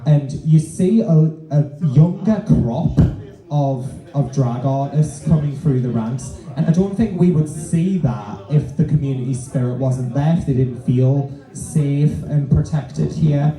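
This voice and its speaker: A man's voice: mid-range voice, measured pace, mellow, soft background music. A man co-hosting a live podcast in a bar on a handheld mic, cheeky and sweary. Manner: cheeky, swearing, mock threats. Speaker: co-host, drag performer. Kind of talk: casual live podcast chat. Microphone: handheld microphone. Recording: echoey bar room.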